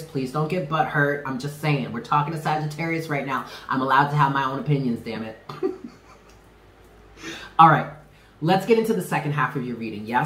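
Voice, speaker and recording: A man's voice: medium pitch, a bit bright, echoey room, slight background noise, poor audio. A man giving a casual tarot reading to camera, talking in an emphatic, chatty way and repeating himself with slangy asides. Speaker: tarot reader.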